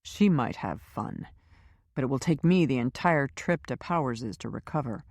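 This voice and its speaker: Woman doing a calm scary guy, quiet threats, firm, mid pitch, audiobook. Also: normal speed, creaky, dry recording. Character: coolly menacing man, calm and cruel.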